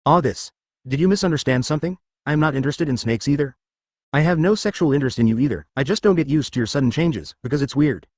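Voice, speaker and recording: Man reading blunt young ninja guy, audiobook, fast, dry close sound. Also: on the high side, no echo. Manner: flat machine-read delivery. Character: young male ninja hero, blunt and easygoing. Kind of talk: machine-read web novel audiobook.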